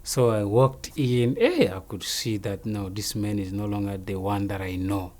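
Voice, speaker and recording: A man recounting a story as an interview guest in a lively, casual way, often checking that the listener follows. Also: on the low side, moderate pace.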